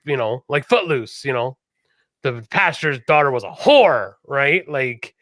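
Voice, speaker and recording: A man co-hosting a casual podcast chat, telling stories in a lively way and acting out the voices of people he quotes. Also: medium pitch, unhurried, no echo, clean studio sound. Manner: animated storyteller, acts out quoted voices. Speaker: podcast co-host.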